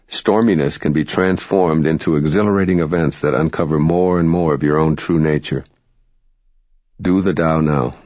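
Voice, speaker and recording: A man reading spiritual self-help narration in a calm, measured, instructive way. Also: extremely low pitch, no echo. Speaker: audiobook narrator. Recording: dry, dull lo-fi recording.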